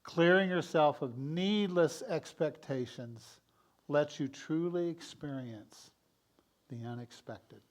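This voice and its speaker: A man giving a sermon as minister in a church, speaking in a gentle, encouraging way. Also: on the high side, slow pace. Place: church sanctuary.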